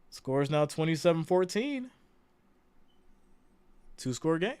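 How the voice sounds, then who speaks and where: A man's voice: medium pitch, normal speed, no room sound, studio quality. A man in his thirties hosting a casual football reaction livestream, chatty and laid-back, repeating lines for emphasis. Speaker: livestream host.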